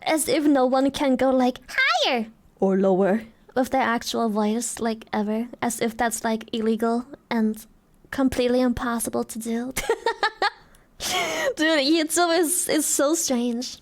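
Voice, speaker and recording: A young adult woman streaming casually, giggly and swearing a lot as she excitedly thanks donors. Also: fairly high pitch, measured pace. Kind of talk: casual live-stream chat.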